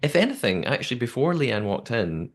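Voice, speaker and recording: A man's voice: mid-range voice, big pitch swings, brisk. A man hosting a podcast, recapping a show in casual chat, laughing often and quoting people in put-on voices. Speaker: podcast host.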